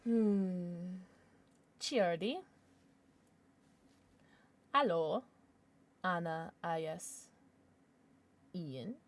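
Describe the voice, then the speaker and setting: A woman's voice: on the low side, drawn-out words, long pauses. Tired, chatty woman streamer. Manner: chatty and rambling, reading out viewers' names, laughing often. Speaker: livestreamer. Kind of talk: casual chat with viewers while gaming.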